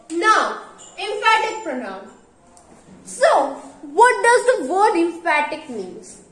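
A woman's voice: extremely high pitch, a bit bright. A woman teaching an English grammar lesson, explaining step by step and repeating key phrases. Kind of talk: classroom-style grammar lecture. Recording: roomy echo.

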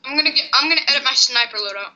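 A gamer chatting casually with a friend over gameplay, excitable and jokey, blurting quick reactions. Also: high voice. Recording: dull lo-fi mic.

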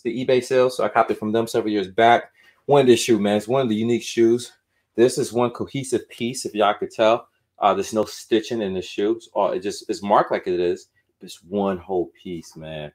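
A man running a casual live stream at home, showing off his sneaker collection in a loose, chatty way, a little out of breath. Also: lowish voice. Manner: loose and chatty, drifts between sing-song muttering and explaining. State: winded, out of breath. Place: home room full of shoes.

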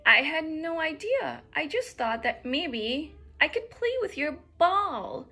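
A woman's voice: high voice, sing-song, slow pace, bright, forceful tone, pitched above the performer's own voice, heavily acted. A woman voicing a small, young female bluebird who is sweet and apologetic in a storybook read-aloud.

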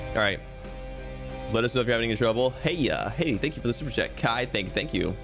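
Lively, goofy young man streaming. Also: medium pitch, fast talker, over music. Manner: goofy, rambling, talks to chat. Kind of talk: casual game stream chat.

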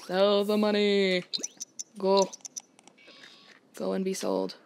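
A woman's voice: medium pitch, sing-song, slow pace, noisy background. A woman hosting a casual let's-play, chatting playfully as she plays and tossing out mock-outraged exclamations. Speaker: gaming channel host.

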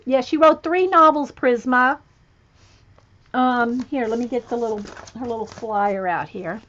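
A woman's voice: fairly high pitch, measured pace, fairly bright tone, a little hiss or hum. A woman hosting a casual livestream, chatting to viewers as she pages through a coloring book, often chuckling and spelling words aloud. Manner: chatty, chuckling, reads out spellings and checks pronunciations. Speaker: livestream host. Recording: muffled lo-fi livestream audio.

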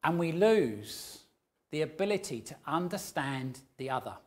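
Slow, lively-voiced male preacher. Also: fairly high pitch. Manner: earnest, emphatic, story-telling delivery. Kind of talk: sermon. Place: church.

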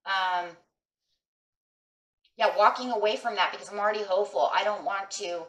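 A middle-aged tarot reader with a mid-range, slightly bright voice gives a chatty, emphatic reading at a moderate pace. She talks straight to her viewers and keeps checking in with "right?". She sits far from the mic in an echoey room.

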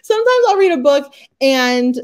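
A woman's voice: sits high, big pitch swings, moderate pace. A woman in her forties, an author chatting as an interview guest, laughing often and joking about herself with lots of fillers. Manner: laughing, self-deprecating, many fillers. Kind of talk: casual interview chat.

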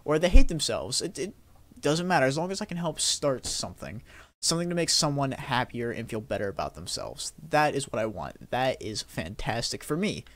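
A man's voice: medium pitch, very animated, moderate pace, a bit bright. A young man and YouTube gaming creator, talking casually to camera in a rambling, upbeat way with frequent laughs.

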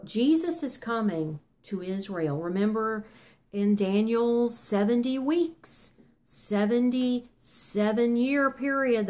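An older woman teaching a Bible study in an earnest, emphatic voice. She pushes her points hard, stops now and then on ums, and corrects herself as she goes. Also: a little high. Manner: earnest, emphatic, with frequent fillers and self-corrections.

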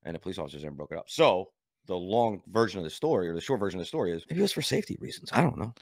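A man's voice: sits low, expressive, racing, no room sound, studio quality. A man co-hosting a podcast, telling a rambling story in casual chat with many restarts. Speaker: podcast co-host.

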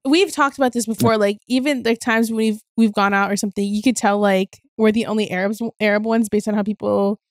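A woman's voice: mid-range voice, fairly even intonation, fairly quick, few pauses, no echo. A young woman in a casual podcast chat, blunt and teasing, swearing freely.

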